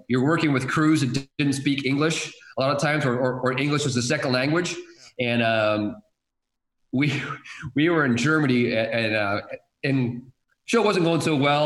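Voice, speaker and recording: Fast-talking man in an echoey room. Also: mid-range voice, fairly bright tone. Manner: rambling, repeats words, many fillers. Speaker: guest, sports TV director. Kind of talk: casual chat.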